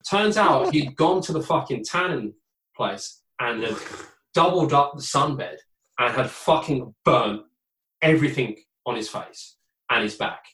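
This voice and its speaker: A man's voice: medium pitch, expressive, measured pace, a bit bright, reverberant, poor audio. Profane, easygoing man telling stories. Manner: profane, laid-back anecdotal storytelling. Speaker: former ice hockey player, podcast guest. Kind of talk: casual storytelling chat.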